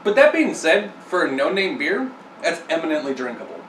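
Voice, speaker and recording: A man with a slightly high voice rambles through his points with lots of fillers while co-hosting a casual beer review. He is heard from a distance in an echoey room with faint hiss. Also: sing-song, fairly quick, a bit bright. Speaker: co-host.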